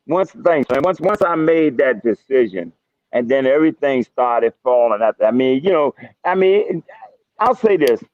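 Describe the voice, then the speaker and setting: A man's voice: medium pitch, no room sound. A man telling his story as a podcast guest, emphatic and repetitive, often restarting his sentences. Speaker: guest, retired federal marshal. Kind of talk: casual storytelling interview. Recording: dry, slightly dull sound.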